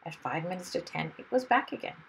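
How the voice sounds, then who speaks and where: A woman reading a children's story aloud in a lively, expressive way. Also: fairly low pitch, a little fast, creaky, slight background noise, low-quality recording.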